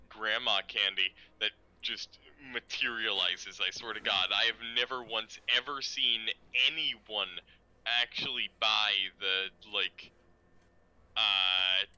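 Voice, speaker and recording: A man in his twenties with a deep voice, joking and teasing a friend in casual stream chat with halting restarts. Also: bright, forceful tone, clear, resonant tone, muffled recording. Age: 20s.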